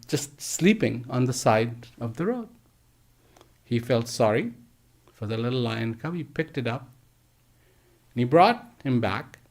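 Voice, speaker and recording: A man giving a slow storytelling talk to teachers, gentle and emphatic, with repeated phrases and pauses. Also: medium pitch. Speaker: speaker addressing teachers. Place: live online address.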